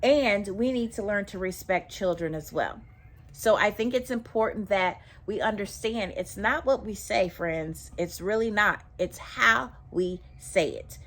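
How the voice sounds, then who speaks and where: A woman's voice: mid-range voice, measured pace, fairly bright tone. A teacher giving casual, emphatic classroom advice to other teachers and repeating her points. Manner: emphatic, repeats herself, talks straight to viewers.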